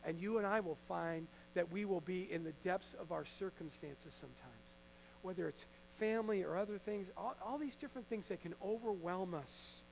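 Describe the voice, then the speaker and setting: High-voiced pastor man preaching to his church, earnest and chatty, slight hum in the background. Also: moderate pace, creaky, rough recording. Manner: earnest, conversational, acts out Bible figures. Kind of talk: sermon. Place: church before a congregation.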